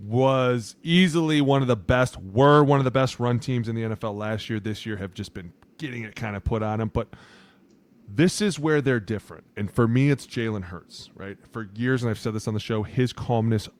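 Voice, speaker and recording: A man's voice: mid-range voice, normal speed. A man co-hosting a football podcast as a former lineman, talking bluntly and animatedly. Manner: blunt, animated, acts out quotes. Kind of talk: casual sports talk.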